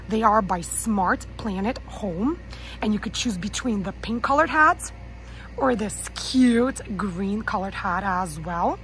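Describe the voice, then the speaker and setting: A woman's voice: on the high side, fairly bright tone, slight background noise, poor audio. A woman narrating a shop-with-me tour of a store garden center, admiring each item and reading out labels and prices. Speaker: vlogger.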